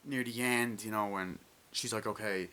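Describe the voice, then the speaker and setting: A man giving a casual, rambling movie review, full of excitement, swearing and fillers. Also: lowish voice, moderate pace, slight background noise. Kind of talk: casual spoken film review.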